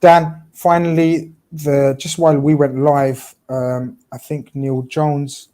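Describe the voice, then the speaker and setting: A man's voice: a little high, flat delivery, slow pace, mellow. Light-voiced man hosting a football chat.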